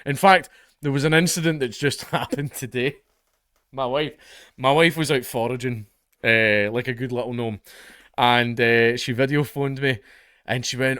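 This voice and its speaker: A man's voice: mid-range voice, steady tone, normal speed, fairly bright tone, clean tone, dry recording, clean studio sound. A Scottish man hosting comedic news commentary, blunt, profane and exasperated. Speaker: online commentary host.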